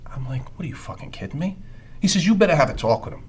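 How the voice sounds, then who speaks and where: An actor playing a world-weary police detective who tells rambling, sardonic street stories. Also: male voice, on the high side, very animated, fast talker, breathy edge, full character voice. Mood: storytelling. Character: wisecracking world-weary male NYC cop. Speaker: police detective under evaluation. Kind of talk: film dialogue, storytelling monologue.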